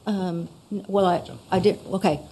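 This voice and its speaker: A woman's voice: on the low side, steady tone, normal speed, warm tone, a little hiss or hum. A woman resident giving a hesitant public comment at a town meeting, full of questions and fillers.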